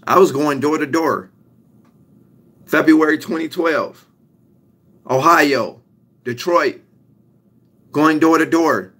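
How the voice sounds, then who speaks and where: A man's voice: a little high, slow pace, long pauses, fairly bright tone, slightly rough. A young man giving a motivational talk, emphatic and repetitive, stretching out his key lines. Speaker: motivational speaker.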